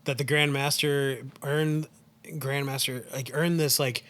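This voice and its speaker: A man co-hosting a casual podcast, walking through a film plot scene by scene. He talks at a middling pitch with a bright, forceful tone. He leans on filler words and restarts as he goes. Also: flat delivery, measured pace. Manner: rambling, heavy use of "like" and "um". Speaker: podcast co-host.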